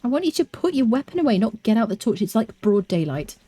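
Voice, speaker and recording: An English woman streaming a game, chatting casually and playfully with her viewers and often dropping into quiet asides. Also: on the high side, sing-song, fast talker, no room sound. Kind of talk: casual live-stream chat while gaming.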